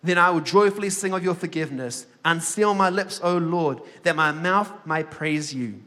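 A man leading a sermon, reading scripture aloud with slow emphasis and joking asides to the congregation. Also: on the high side, pushed and bright, in a large hall. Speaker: head of a ministry school, preacher.

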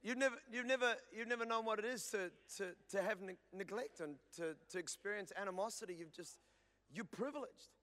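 A man preaching a sermon to a church congregation in an impassioned style, building to loud calls to the crowd. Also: high-pitched, fairly quick. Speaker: pastor. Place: church service before a congregation.

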